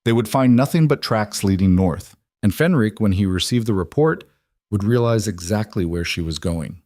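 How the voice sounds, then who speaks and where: A man reads a scripted fantasy story in steady, measured narration. His voice sits on the lower side, and the recording is dry and close with no echo.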